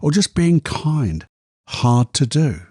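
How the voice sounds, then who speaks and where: A man's voice: on the high side, very animated, slow pace, dark tone, husky, dry recording, studio quality. A man hosting a solo podcast, telling candid, self-deprecating stories. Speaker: podcast host.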